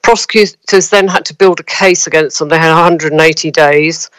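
A woman news correspondent giving a measured, hesitant report over a phone call, with frequent pauses and ums. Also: low voice, fairly even intonation, clear, resonant tone, dry recording. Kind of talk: news interview.

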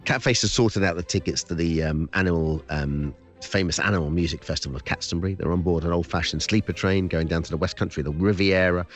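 A man, an author, reading his own children's book aloud with lively, chatty asides. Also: low-pitched.

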